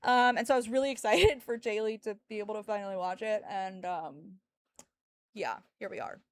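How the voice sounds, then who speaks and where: A woman's voice: medium pitch, brisk. A woman streamer chatting casually with her viewers from home, venting her frustration, laughing often and swearing now and then.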